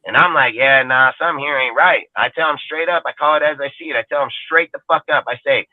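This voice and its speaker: A man's voice: fairly high pitch, fast, slight background noise. A man co-hosting a sports fan podcast, ranting in a heated, profane, casual way. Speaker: podcast co-host. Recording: tinny phone-like sound, dry.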